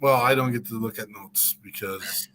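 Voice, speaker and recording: A man's voice: lowish voice, moderate pace, a crowd in the background, rough recording. A man co-hosting a casual online debrief, talking in a dry, teasing way. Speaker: co-host. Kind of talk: casual chat.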